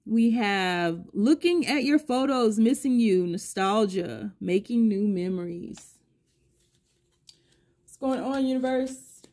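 A woman's voice: fairly high pitch, lively intonation, slow pace, darkish tone. A middle-aged woman giving a collective tarot reading, musing aloud and asking the universe the same questions again and again as she pulls cards. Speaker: tarot reader.

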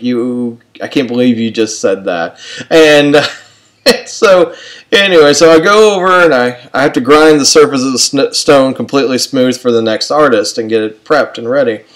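A man's voice: mid-range voice, moderate pace, poor audio. Man telling a rambling self-mocking story. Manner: rambling, self-mocking, with frequent fillers and restarts. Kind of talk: personal anecdote told to an audience.

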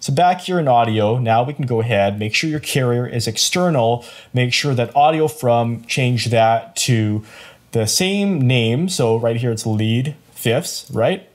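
A man hosting a quick software tutorial in an upbeat, playful way, chuckling as he explains. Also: medium pitch, animated. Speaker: tutorial host. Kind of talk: screen-recorded software tutorial.

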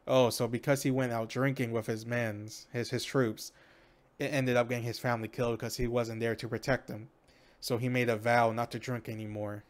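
A man's voice: mid-range voice, little pitch movement, normal speed. A man hosting a let's play, reading the story aloud and tossing in casual jokes. His voice sits mid-range for a man. The delivery stays easygoing and conversational. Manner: reads story text aloud, joking asides. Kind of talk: casual game narration and commentary.

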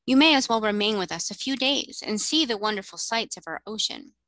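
A woman voicing a gracious, kindly mermaid queen who speaks in a cordial, measured way. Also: mid-range voice, pushed and bright, no echo, poor audio.

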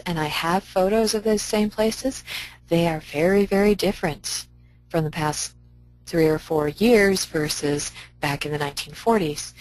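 A woman's voice: on the low side, dry recording, low-quality recording. A woman library director giving an upbeat, conversational conference presentation full of practical advice.

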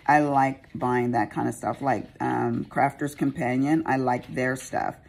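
A woman with a very low, gravelly and husky voice chats while she crafts. She rambles and pokes fun at herself in a slow, unhurried way, and her pitch rises and falls a lot. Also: steady tone, darkish tone. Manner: rambling, chatty, self-mocking. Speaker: craft vlogger. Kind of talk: casual chat while crafting.

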